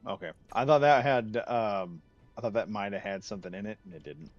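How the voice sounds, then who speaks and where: A man's voice: lowish voice, brisk, dry recording, lo-fi sound, soft background music. A man from the United States giving rambling, chatty commentary while streaming a game, laughing easily. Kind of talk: casual gameplay commentary.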